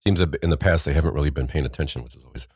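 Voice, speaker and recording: Deep-voiced wry podcast host. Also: male voice, very fast, darkish tone, breathy edge, no echo, clean studio sound. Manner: rambling, wry, trails off mid-sentence. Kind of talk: casual news chat.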